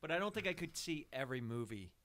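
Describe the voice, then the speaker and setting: A man on a podcast panel who chimes in with quick questions and opinions. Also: a little high, big pitch swings, fairly bright tone, no echo. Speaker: podcast co-host. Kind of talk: casual banter.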